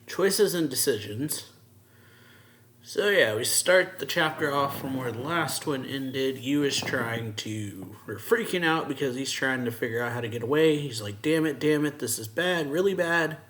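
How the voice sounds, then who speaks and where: A man's voice: medium pitch, unhurried, fairly bright tone, a little hiss or hum. A man hosting his own channel, casually reviewing a manga chapter, retelling scenes with lots of loose fillers. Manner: recaps scenes by paraphrasing character dialogue with loose fillers.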